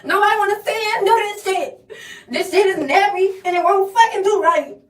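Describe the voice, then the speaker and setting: A woman's voice: very high voice, normal speed, reverberant, far from the mic. A woman complaining in an exasperated way and cursing in frustration.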